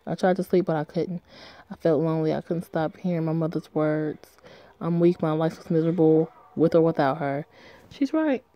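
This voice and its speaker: A woman reading aloud as a troubled young woman who blames herself, in a flat, low-key way. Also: normal speed, no room sound, close to an everyday voice. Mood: despairing. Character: troubled young woman, despairing and self-blaming. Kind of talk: reading a story game aloud.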